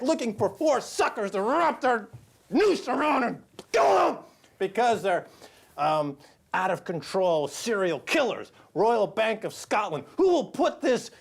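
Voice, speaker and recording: A man co-hosting a talk show, giving mocking, exaggerated political commentary. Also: creaky. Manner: mocking, exaggerated, sweeping pitch.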